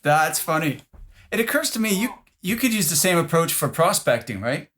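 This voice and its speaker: A man's voice: a little high, sing-song, normal speed, a bit bright. A man hosting a podcast interview, asking questions and giving brief encouraging replies. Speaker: podcast host. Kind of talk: interview host.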